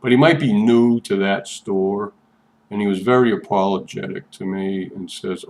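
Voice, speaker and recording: An older man with a fairly low, gravelly voice tells a rambling personal vlog. He is chatty and meandering, often doubling back on his words. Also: fairly even intonation, measured pace, a little mellow. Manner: chatty, meandering, repeats himself. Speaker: vlogger.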